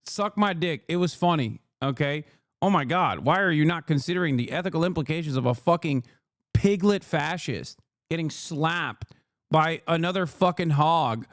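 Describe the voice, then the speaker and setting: A man streaming live and reacting to video, profane and sarcastic as he snaps back at his viewers. His voice sits fairly high and comes through smooth and clear. The sound is dry and close to the mic. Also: expressive, normal speed, no echo. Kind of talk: livestream reaction commentary.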